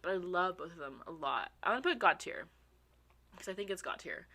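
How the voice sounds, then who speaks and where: Bright, excitable young woman. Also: lowish voice, a little fast, gravelly, breathy edge. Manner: excitable, swears freely, laughs often; talks to her viewers as y'all. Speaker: vlogger. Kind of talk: casual chat.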